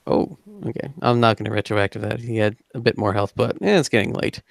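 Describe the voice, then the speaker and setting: A man narrating as game master of a tabletop game in a relaxed, casual way. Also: lowish voice, brisk, gravelly, dry recording, studio quality. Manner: relaxed, casual descriptions with fillers.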